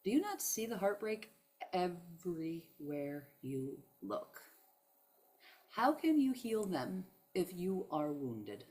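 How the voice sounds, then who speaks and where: A woman with a low voice speaks slowly in a heartfelt spiritual self-help monologue. She is emphatic and preachy, and emotion shows through her words as she addresses listeners as "y'all.". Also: big pitch swings, darkish tone.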